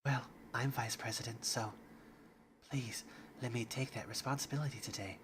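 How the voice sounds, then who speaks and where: A man voicing a shy, anxious teenage girl in a hushed, breathy whispered role-play while playing a game. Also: mid-range voice, unhurried, slight background noise. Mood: timid.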